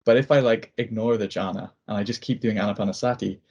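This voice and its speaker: A young man with a low, husky voice talks in a loose, rambling way, full of fillers and restarts. He speaks over a video call. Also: fairly even intonation, fast talker, darkish tone, lo-fi sound. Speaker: student. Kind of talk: casual chat.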